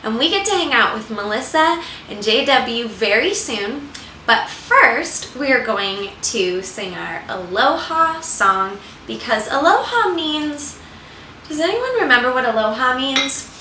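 A woman's voice: high-pitched, noisy background. A woman hosting a children's music lesson from home, talking patiently and directly to young children. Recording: roomy, distant, ukulele music behind. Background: ukulele playing.

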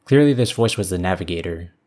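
Low-voiced male story narrator. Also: lively intonation, fast, a little mellow.

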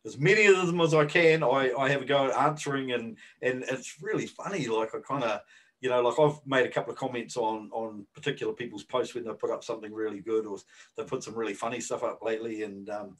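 A man's voice: medium pitch, steady tone, fast, poor audio. Rambling New Zealand man, podcast co-host. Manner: rambling, hesitant with many fillers. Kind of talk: casual chat.

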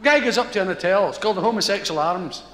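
A Scottish man telling a rambling stand-up story, acting out people with loud, high voices. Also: fast, slight background noise. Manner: rambling storyteller who acts out characters with shouted, high-pitched voices. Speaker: stand-up comedian. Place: large concert hall before a laughing audience. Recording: echoey live hall with audience laughter.

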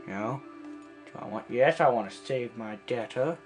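A man's voice: mid-range voice, normal speed, darkish tone, soft background music. A man giving rambling, playful commentary while he plays, joking around in put-on accents. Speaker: gameplay commentator. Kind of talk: casual let's-play commentary.

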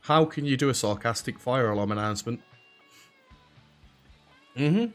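A man's voice: medium pitch, normal speed, fairly bright tone, soft background music. A man with an English accent that drops H's and T's, giving casual, sarcastic let's play commentary. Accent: English, dropped H's and T's. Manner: dry, sarcastic, chatty.

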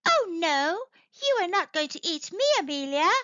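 A woman doing a boastful squeaky blowfish. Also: sing-song, moderate pace, sharp tone, no room sound, full character voice. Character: spiky male blowfish, proud and boastful. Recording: dull, slightly lo-fi, dry.

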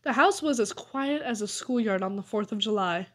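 A woman narrating a children's story aloud with an expressive reading. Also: mid-range voice, normal speed. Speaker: audiobook reader.

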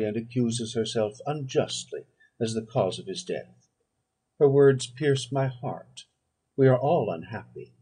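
A man reading a classic novel aloud as audiobook narration, in a measured, solemn manner. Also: mid-range voice, dark tone, husky. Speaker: audiobook reader.

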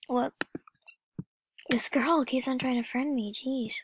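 A woman talking casually over a gameplay vlog, often dropping into a soft whisper. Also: sits high, steady tone, takes it slowly, pauses often, husky, dry recording. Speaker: gaming vlogger.

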